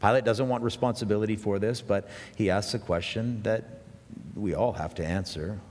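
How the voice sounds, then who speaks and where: Earnest low-voiced preacher in a hall. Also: male voice, moderate pace, a little mellow, a little hiss or hum. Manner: earnest, with many restarts and rising emphasis. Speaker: pastor. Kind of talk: sermon. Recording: hall with long reverb.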